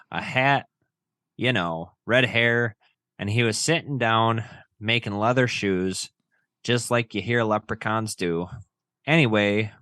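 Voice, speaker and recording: A low-pitched man co-hosts a podcast in a relaxed, joking way and swears casually. His voice sits close and dry on the mic with no room echo. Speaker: podcast co-host. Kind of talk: casual podcast chat and reading stories.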